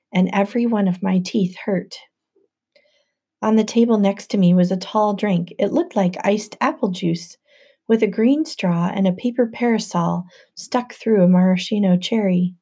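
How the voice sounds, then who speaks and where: Woman audiobook narrator, warm mellow tone, even first-person storytelling. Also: medium pitch, measured pace.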